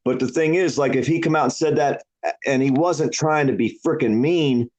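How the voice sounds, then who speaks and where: A man from Florida in a rowdy casual chat, talking slowly and profanely and mocking himself. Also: medium pitch, darkish tone. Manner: profane, self-mocking, slow drawl.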